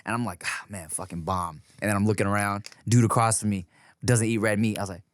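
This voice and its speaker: A man hosting a podcast, telling stories in casual chat, animated and profane, with plenty of fillers. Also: fairly low pitch, fast. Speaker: podcast host.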